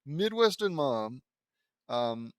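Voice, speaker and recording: A man's voice: medium pitch, big pitch swings, slow pace, clean tone, dry recording, clean studio sound. A man reading fan fiction aloud with stumbling, rambling asides and restarts. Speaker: audiobook reader.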